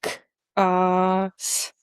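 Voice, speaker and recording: A woman's voice: on the low side, completely flat delivery, very slow, clean tone, dry recording, studio quality. A woman with Russian as her first language, carefully repeating sounds after her coach in a pronunciation lesson. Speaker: pronunciation student.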